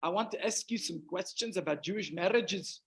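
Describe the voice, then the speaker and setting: A man's voice: high-pitched, fairly quick, a bit bright, breathy edge, full character voice. A man imitating an earnest, courteous male Afrikaans minister with an Afrikaans accent, speaking politely and formally. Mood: inquiring.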